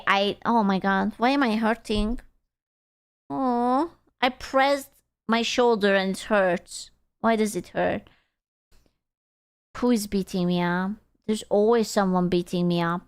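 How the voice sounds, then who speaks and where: A young woman streaming, chatting casually in a playful, silly way and breaking into excited squeals. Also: medium pitch, measured pace, clean tone. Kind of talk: casual livestream chat.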